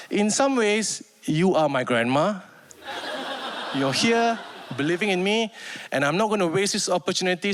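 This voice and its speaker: Malaysian man in his thirties doing stand-up storytelling, light high voice, animated. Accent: Malaysian English. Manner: animated, acts out relatives' voices. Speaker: stand-up comedian.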